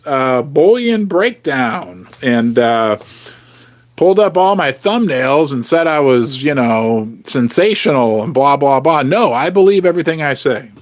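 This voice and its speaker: A man hosting a casual livestream, jokey and animated, reading out viewer comments. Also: mid-range voice. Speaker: host.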